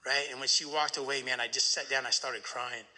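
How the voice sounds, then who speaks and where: A man speaking at a recovery meeting, telling a personal story in an animated way and often asking "right?". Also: medium pitch, fairly quick, long reverb tail.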